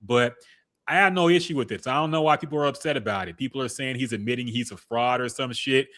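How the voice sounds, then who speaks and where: Man, podcast co-host, bright forceful voice, animated casual talk. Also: medium pitch, quick pace.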